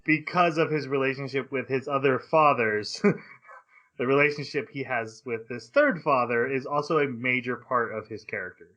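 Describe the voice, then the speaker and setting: Excitable man on muffled podcast audio. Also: medium pitch, normal speed. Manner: excitable, laughs often, stammers on restarts. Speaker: podcast co-host. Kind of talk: casual anime podcast chat.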